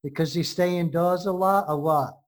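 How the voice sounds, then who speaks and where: A brash American host who jokes, heckles and argues playfully. The voice sits at a middle pitch. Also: moderate pace. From United States. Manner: brash, joking, mock-heckling. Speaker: show host. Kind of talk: bantering radio-style chat.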